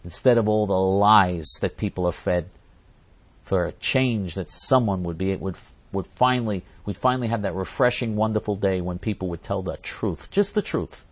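A man's voice: deep voice, normal speed. A man hosting a talk show, reading out listener questions and ranting indignantly, repeating himself and restarting his sentences. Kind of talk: angry ranting monologue.

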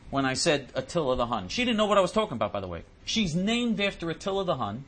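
Male host, animated and indignant, tumbling over repeated words; a bright, breathy voice. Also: fairly high pitch, quick pace, a little hiss or hum. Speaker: host answering listener questions. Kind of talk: ranting monologue.

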